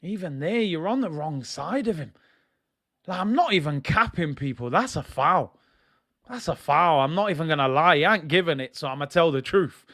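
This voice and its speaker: A young man giving excitable, slang-heavy live commentary as he watches a football match, now and then bursting into shouts. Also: fairly high pitch. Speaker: football fan streamer.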